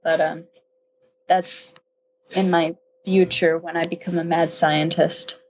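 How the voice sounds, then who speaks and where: A woman's voice: lowish voice, little pitch movement, slow pace, slight background noise, rough recording. A young woman from upstate New York, a podcast guest chatting casually, rambling and laughing often.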